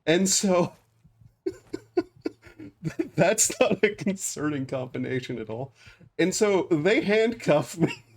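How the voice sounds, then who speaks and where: A young man streaming a game, telling a rambling story with frequent laughs and flat acted-out quotes. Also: a little high, takes it slowly, long pauses. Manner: rambling, laughs often, acts out quotes flatly. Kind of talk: casual storytelling while gaming.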